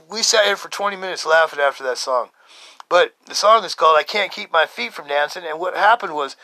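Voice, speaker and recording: A man in his fifties telling a story as a podcast host, casual and excitable, swearing and laughing often. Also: mid-range voice, no room sound. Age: 50s.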